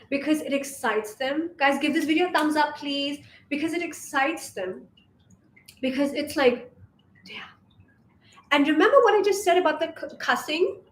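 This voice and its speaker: A young woman from Asia delivers a casual vlog monologue as a femininity coach, sassy and emphatic, with swearing sprinkled in. Her voice sits high. The room gives it a roomy echo over a faint hiss.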